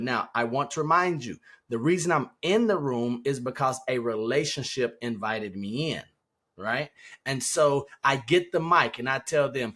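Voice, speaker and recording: A man's voice: mid-range voice, unhurried, bright, forceful tone. Man co-hosting a podcast, telling stories. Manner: storytelling, emphatic. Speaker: podcast co-host. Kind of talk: casual podcast conversation.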